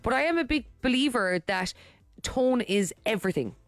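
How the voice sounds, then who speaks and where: A woman's voice: a little high, moderate pace, no room sound. A woman radio co-host in loose, playful chat. Her voice swings up and down expressively. The sound is dry and close. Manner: animated, playful, self-described empath. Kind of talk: casual chat.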